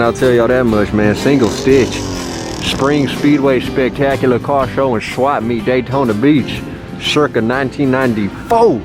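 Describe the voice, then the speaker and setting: A man giving a joking vlog of his thrift store finds, hyped and goofy, often jumping into high silly voices. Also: measured pace, music in the background. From Texas. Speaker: vlogger showing thrift finds. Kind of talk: casual joking vlog narration.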